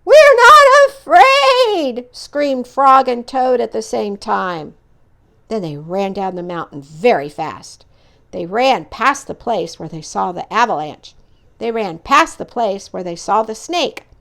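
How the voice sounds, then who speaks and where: A woman reading a children's picture book aloud in an expressive, animated way. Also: mid-range voice, unhurried, vocal fry. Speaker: storyteller.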